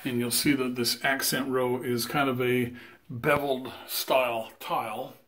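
A man's voice: mid-range voice, flat delivery, a little slow, fairly bright tone, a little hiss or hum. A man giving a casual step-by-step how-to walkthrough of his tiling work in a bathroom under renovation, with frequent "uh" and "um". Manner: plain step-by-step explaining, frequent "uh" and "um". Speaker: tile installer.

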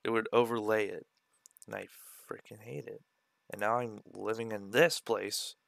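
A man's voice: on the low side, level tone, normal speed, gravelly, no room sound, studio quality. A man streaming, chatting casually and joking with swearing as he reacts to his own old videos.

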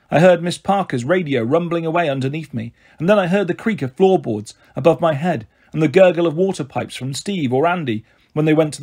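Male audiobook reader, steady, breathy tone. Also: a little high. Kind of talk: storybook narration.

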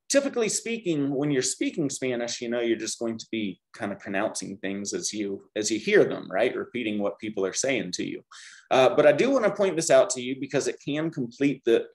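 A man teaching a beginner Spanish class, upbeat, leading the students in call-and-repeat drills. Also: mid-range voice. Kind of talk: classroom language lesson.

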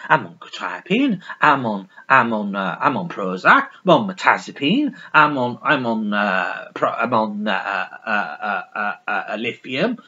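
A man's voice: medium pitch, sing-song, normal speed, bright, forceful tone, slightly rough, muffled recording. A man reviewing records in a casual, rambling, sweary way, full of restarts. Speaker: music vlogger.

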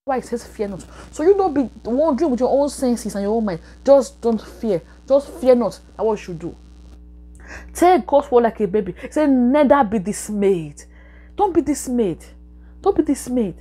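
A woman preaches and leads prayer in a fairly high voice. She works by repetition, pressing each phrase again and again with exhorting emphasis. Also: lively intonation, moderate pace, warm tone. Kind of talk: sermon and prayer.

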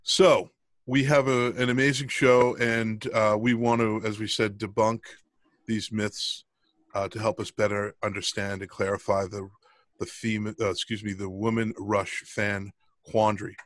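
A man's voice: on the low side, level tone, a little slow, dry recording. A middle-aged man co-hosting a podcast in casual chat, rambling with lots of ums and restarts. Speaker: podcast co-host.

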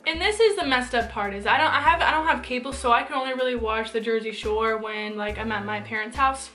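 A woman's voice: on the high side, brisk, a bit bright, faint music behind. A young woman giving her opinions in a casual commentary vlog, chatty and full of fillers. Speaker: vlogger.

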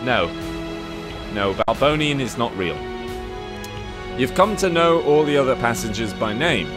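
An excitable man streams a video game and reads its text aloud in a casual, sweary way. His pitch swoops animatedly, and he jumps into high yelps. Game music plays clearly underneath him. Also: unhurried. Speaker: livestreaming gamer. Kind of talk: casual let's-play commentary, reading game text aloud.

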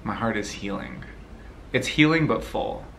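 A young man chats through viewer questions in a loose, rambling way, laughing easily as he goes. His voice sounds bright and lively. A faint background hum sits behind him. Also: on the low side, unhurried. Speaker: vlogger answering viewer questions. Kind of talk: casual Q&A chat.

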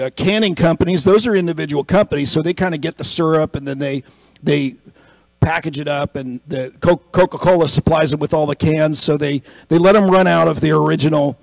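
A male pastor with a slightly raised voice tells a story the casual way, slipping into the voices of the people in it, and works up to a forceful appeal. The sound is close and dry, with no room around it. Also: fairly high pitch, gravelly, no room sound, poor audio. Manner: storytelling, acting out quoted people, rising to emphatic exhortation. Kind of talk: conversational sermon.

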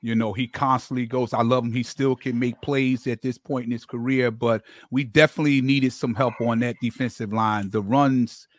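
A man's voice: medium pitch, fairly even intonation, normal speed, few pauses, no room sound. A man hosting a casual sports podcast, talking picks in an enthusiastic, conversational way. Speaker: podcast host.

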